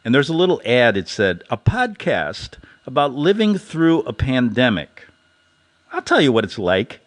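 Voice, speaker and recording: A man's voice: mid-range voice, huge pitch swings, unhurried. A man hosting a podcast, delivering a sarcastic satirical monologue and laughing at his own jokes. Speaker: podcast host.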